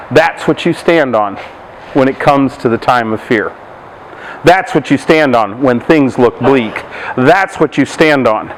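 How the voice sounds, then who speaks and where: A man's voice: medium pitch, a little hiss or hum, poor audio. A man, a pastor, preaching a sermon, asking the congregation questions and retelling Bible stories.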